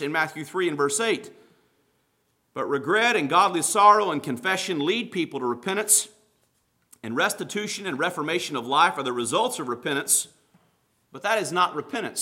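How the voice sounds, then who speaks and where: A man's voice: high voice, bright, forceful tone. A man preaching a sermon as pastor, folksy and conversational with touches of humor.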